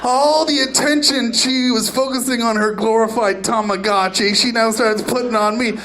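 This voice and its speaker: A man doing stand-up on a comedy club stage, delivering outrageous lines in a brash, deadpan way. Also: extremely high pitch, normal speed, hardly any pauses, slight background noise. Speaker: stand-up comedian and channel host.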